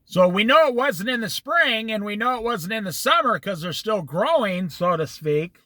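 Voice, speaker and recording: High, bright-voiced male Bible teacher. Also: moderate pace, no room sound. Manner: animated storytelling with acted quotes. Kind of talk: informal Bible study teaching.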